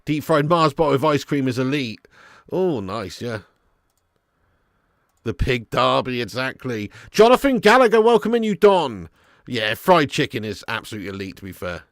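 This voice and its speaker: A man's voice: mid-range voice, very animated, measured pace, pauses often, no room sound, clean studio sound. A man hosting a live football watch-along stream, chatting and laughing with viewers while a bit snotty and ill. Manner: chatty, reads chat aloud, laughs often.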